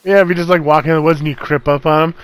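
A man's voice: a little high, fairly even intonation, racing, clear, resonant tone, no room sound, rough recording. A young man who makes a gaming channel, chatting casually with friends while they play, joking and laughing often. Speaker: channel creator and gamer.

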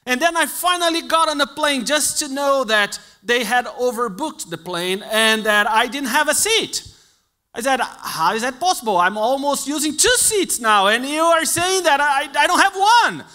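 A male preacher, not an English speaker, telling a funny travel story in a sermon and acting out the dialogue, swinging between loud outbursts and hushed asides. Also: extremely high pitch. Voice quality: non-native English phrasing. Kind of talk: sermon with a humorous personal story.

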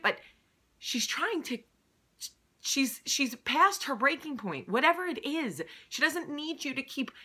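A woman speaks in a casual, heartfelt monologue to her viewers. Her voice is bright and pointed, and she sounds earnest and openly emotional as she presses her points home. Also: fairly high pitch. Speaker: vlog host.

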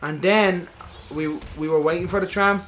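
An Irish guy co-hosts a gaming podcast, chatting casually while playing a game in a high-pitched voice at a moderate pace. He's loose and swears freely, telling animated stories and acting out every quote.

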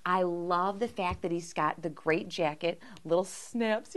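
A woman's voice: lowish voice, a little slow. A woman hosting a toy review vlog, gushing and giggly as she shows off a horror figure.

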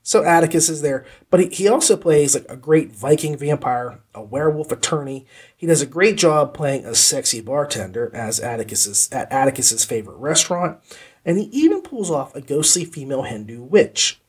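Podcast host, male, husky and a touch high-pitched, chatty enthusiastic reviewer who rambles and repeats for emphasis. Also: animated, moderate pace. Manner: rambling, conversational asides. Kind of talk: casual spoken review.

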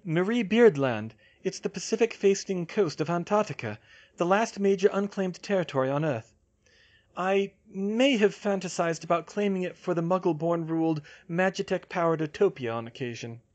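A man lifts his voice high to play a bright, excitable teenage witch girl. She talks eagerly and a little breathlessly, like a quick know-it-all, with her voice pitched well above an everyday man's. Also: muffled recording.

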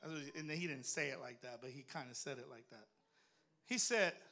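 Woman minister preaching with bright force. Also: brisk. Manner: swings from shouted emphasis to low, soft storytelling. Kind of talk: sermon.

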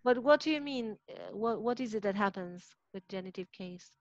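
A woman's voice: medium pitch, expressive, moderate pace, dry recording, dull audio. A woman with an Argentine Spanish accent, a native Spanish speaker, giving a patient online phonetics lecture and often checking in with her students. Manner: patient, explanatory, checks understanding with "right?".

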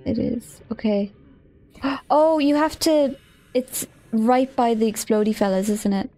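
Woman streamer w a slightly high voice, giggly and jumpy, just rambling thru her game. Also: unhurried, mellow. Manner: giggly, easily startled, thinks aloud. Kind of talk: casual gameplay chatter.

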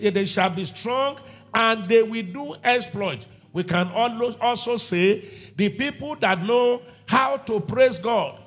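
A man's voice: sits high, fairly bright tone. A man preaching a sermon as pastor of a church, emphatic and repeating his key phrases.

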